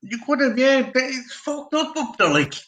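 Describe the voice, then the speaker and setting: High-voiced southern Irish man, roomy. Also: big pitch swings, moderate pace, a bit bright. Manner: laid-back, sweary, ends phrases with "like". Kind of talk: casual chat. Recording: roomy echo.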